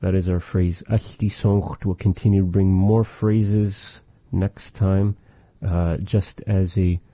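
A man hosting a radio language lesson, slowly and carefully repeating phrases for learners. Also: low-pitched, little pitch movement, mellow, no room sound. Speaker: language teacher.

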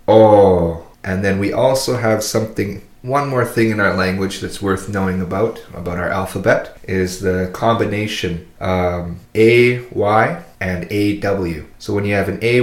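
A man teaching pronunciation of his language's alphabet, modelling each sound slowly and patiently for a learner to repeat. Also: sits low. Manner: slow, careful, demonstrates sounds for repetition. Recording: echoey room.

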